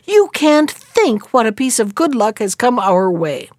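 A woman's voice: on the high side, very animated, unhurried, dry recording, studio quality. A woman voicing a crafty old peasant man who feigns wonder to fool his wife. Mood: sly. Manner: sly, coaxing, feigns wonder.

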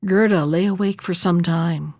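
A woman narrating a fairy tale in a lively, expressive storybook reading. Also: fairly low pitch, normal speed, dry recording, clean studio sound.

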